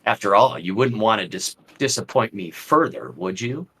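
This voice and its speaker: Guy doing a cold mocking vampire lord, theatrical, low-ish, tabletop game voice. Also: expressive, normal speed, fairly bright tone, husky, low-quality recording. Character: scornful aristocratic male vampire lord.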